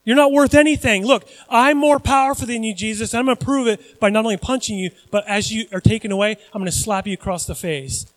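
A man's voice: high voice, quick pace, hardly any pauses, long reverb tail, close to an everyday voice, poor audio. A man preaching who acts out a cruel male guard taunting a prisoner. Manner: sneering, taunting.

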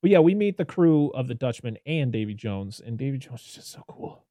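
A man hosts a relaxed podcast film discussion, talking in loose, rambling runs full of restarts. His voice is warm and mellow. The sound is dry and close. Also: mid-range voice, brisk, no echo. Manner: rambling and animated, lots of "like" and restarts. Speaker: podcast host reviewing a film. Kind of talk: casual chat.

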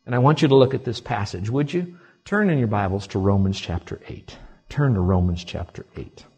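A man preaching a sermon as a pastor, animated and swinging between hushed asides and loud, emphatic lines. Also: on the low side, brisk, husky, dull audio, faint music behind.

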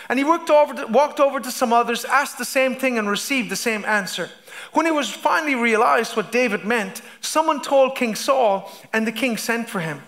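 A man's voice: very high voice, a little fast, fairly bright tone. A man preaching a sermon as pastor, stumbling over restarts and asking the congregation "amen?" as he reads scripture.

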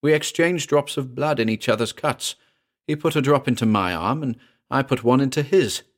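A man's voice: medium pitch, animated, measured pace, pitched above the performer's own voice. A man reading aloud, voicing a frightened young man whose voice rises and trembles. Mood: rapid, agitated. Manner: urgent, voice rising and trembling.

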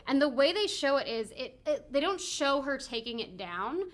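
A woman's voice: sits high, sing-song, moderate pace, a bit bright. A woman co-hosting a podcast, chatting casually and telling a rambling story full of laughs and fillers. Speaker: podcast co-host. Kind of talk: casual chat.

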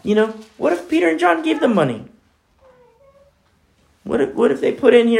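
A man preaching a conversational sermon as pastor, earnest and chatty, often dropping soft asides and then rising for emphasis. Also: very high-pitched, sing-song, normal speed, vocal fry, long pauses. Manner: earnest, chatty, frequent "you know" asides.

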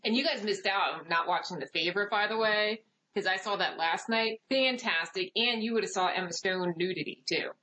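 A woman's voice: mid-range voice, a little fast, hardly any pauses, sharp tone, slight background noise, rough recording. A woman guesting on a casual podcast, blunt and frank in her opinions. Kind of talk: casual chat.

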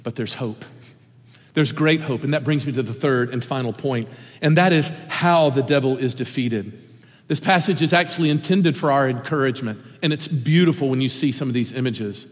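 A middle-aged man preaching an earnest sermon as pastor, swinging between impassioned points and sudden hushed asides. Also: medium pitch, normal speed. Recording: long reverb of a large hall.

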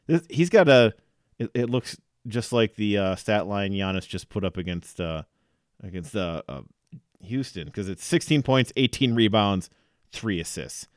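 Casual low-voiced man talking basketball stats. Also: lively intonation, a little slow, no room sound, studio quality. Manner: rattles off stats with fillers and laughs. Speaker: sports podcast co-host. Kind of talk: casual sports chat.

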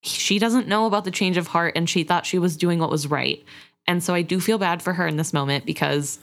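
Lower-voiced woman discussing a book. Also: a little fast. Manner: thoughtful, sympathetic, hedging.

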